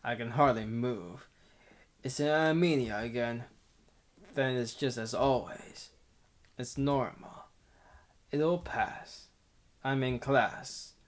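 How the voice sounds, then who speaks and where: A man's voice: mid-range voice, takes it slowly, long pauses. A man reading a visual novel aloud in a casual playthrough, amused and laughing often. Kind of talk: casual game playthrough narration.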